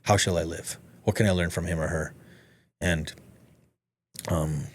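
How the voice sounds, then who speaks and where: A man, a podcast guest, telling a story in casual conversation, animated, swearing freely and acting out the dialogue. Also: deep voice, measured pace, husky.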